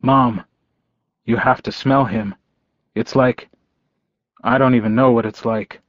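A man voicing an excited, eager young werewolf boy who pelts out breathless questions in a raised voice. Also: medium pitch, slow pace, no room sound, lo-fi sound, lightly acted. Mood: gushing.

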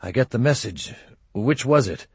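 A man voicing a haunted, guarded war veteran in an audiobook, terse and quietly bitter. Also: medium pitch, expressive, normal speed, slightly rough, no room sound. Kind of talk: audiobook character voice.

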